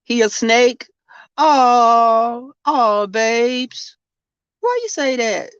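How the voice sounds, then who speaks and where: A man's voice: extremely high pitch, animated, extremely slow, fairly bright tone, smooth, no echo, exaggerated voice. A man with a Southern US accent mimicking a gushing, gossipy woman fan in a sugary, falsely innocent voice. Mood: feigned innocence. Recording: dull, dry sound.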